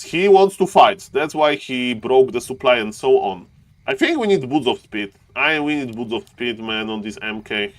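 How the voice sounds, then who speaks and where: A man commentating a strategy game match live, excitable and talkative, who keeps addressing his chat and bursts into high yelps at big moments. His voice sits at a middle pitch, with faint noise behind it. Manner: excitable, shouts high when plays happen, addresses chat as ladies and gentlemen. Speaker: esports caster and streamer.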